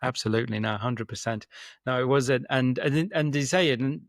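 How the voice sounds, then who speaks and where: A man's voice: medium pitch, brisk, no room sound, clean studio sound. A man hosting a podcast interview, talking casually and often repeating words as he gathers his thoughts. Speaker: podcast host.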